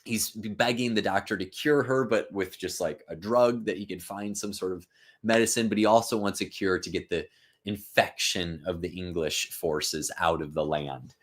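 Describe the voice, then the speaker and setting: A man in his thirties talks through a play during a live-stream lesson. His voice sits low, and he speaks casually, with plenty of fillers and quick "right?" check-ins. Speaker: literature teacher and channel host. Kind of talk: live-stream reading with commentary.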